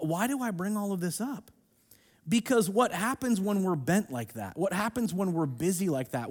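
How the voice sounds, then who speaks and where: High, animated preacher man. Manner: emphatic, swings from hushed to loud. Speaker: pastor. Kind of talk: sermon. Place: church sanctuary, streamed online.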